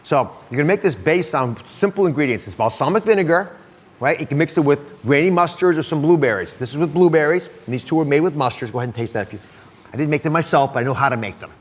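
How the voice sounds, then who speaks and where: A man's voice: on the high side, lively intonation, fast. A man hosting a TV talk show, upbeat and chatty with guests and the studio audience.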